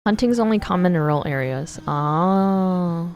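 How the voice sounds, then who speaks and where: A woman's voice: fairly low pitch, animated, a little slow, darkish tone, soft background music. Playful, curious American woman streamer. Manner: curious, playful, laughs often. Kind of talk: casual chat with viewers while drawing.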